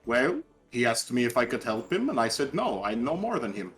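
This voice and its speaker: A man's voice: mid-range voice, big pitch swings, a little fast, fairly bright tone, faint music behind. A man playing a tabletop game online, mixing casual chat with in-character remarks. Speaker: player.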